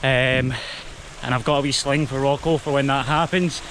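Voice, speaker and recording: A man's voice: mid-range voice, fairly even intonation, normal speed, noisy background. A young man with a Scottish accent, chatting casually to the camera as he walks up a mountain trail outdoors. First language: Spanish heritage only, English first. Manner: chatty, talks to the camera while walking uphill. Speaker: hiking vlogger. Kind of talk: casual walk-and-talk to camera.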